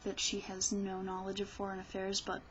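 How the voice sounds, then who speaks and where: A woman's voice: mid-range voice, monotone, moderate pace, a little hiss or hum, poor audio. A woman vlogger ranting about politics in a rambling, sarcastic way, often restarting her sentences. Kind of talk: casual political rant.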